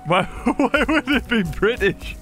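A man hosting a gaming video, commentating excitedly, often shouting and laughing while he plays. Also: very high-pitched, slow pace, soft background music. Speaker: gaming channel host. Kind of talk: excited let's-play commentary.

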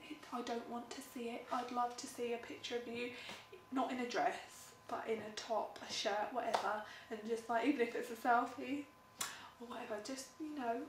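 A young British woman talking casually to camera, blunt, sweary and sarcastic. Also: a little high. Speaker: vlogger. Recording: echoey room, mic at a distance, faint hum.

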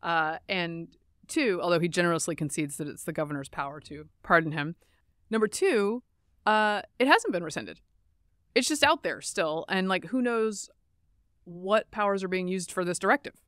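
A woman's voice: lowish voice, lively intonation, moderate pace, a bit bright, clear, resonant tone, no echo, studio quality. An American woman co-hosting a podcast, chatting wryly and sarcastically about the news with many fillers. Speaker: podcast co-host. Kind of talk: casual news chat.

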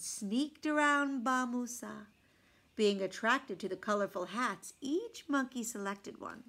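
A woman telling a picture book folk tale aloud in a fairly high voice. She reads with expressive storytime energy, now and then dropping to a soft hush to point out the pictures. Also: a little slow. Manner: expressive reading with hushed asides about the pictures.

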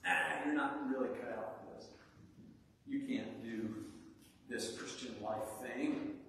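A man voicing a contemptuous inner voice of self-hatred in a low, half-whispered taunt, heard in an echoey hall from far off. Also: animated, slow, gravelly, a bit bright, a little hiss or hum, exaggerated voice.

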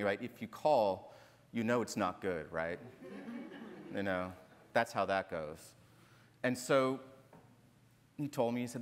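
A man from northern Minnesota, an author at a literary festival, telling a personal story on stage in an earnest, emphatic way, often tagging his points with "right?". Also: medium pitch. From northern Minnesota, USA. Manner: earnest, emphatic, repeats phrases and tags "right?". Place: large hall on stage. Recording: reverberant lecture hall.

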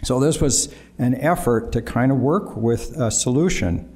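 A man with a mellow, warm voice explains a proposal at a city council meeting. He sounds defensive and explanatory, laying out his reasons step by step. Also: medium pitch, expressive, measured pace.

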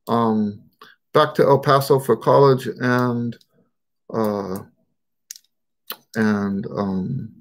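A man's voice: medium pitch, gravelly. An American man with a mixed, shifting regional accent, hosting a trumpet Q&A live stream in a rambling, casual way with many fillers. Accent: mixed American, Texan and Western Pennsylvania touches. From United States.

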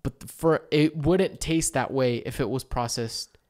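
A man's voice: mid-range voice, unhurried. A man co-hosting a podcast, chatting casually with lots of fillers and easy laughs. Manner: relaxed, laughing, filler-heavy. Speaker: podcast co-host.

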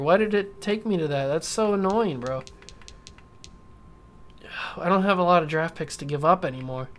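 A man's voice: on the high side, moderate pace, long pauses, fairly bright tone. A young man hosting a gaming channel, giving gameplay commentary while frustrated with himself and muttering to himself. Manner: frustrated, self-scolding, talks to himself.

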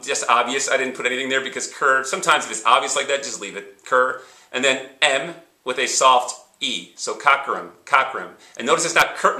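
A man's voice: medium pitch, bright, forceful tone, echoey room. A man teaching a lesson, patiently sounding words out and repeating examples. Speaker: high school teacher. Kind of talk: instructional explanation.

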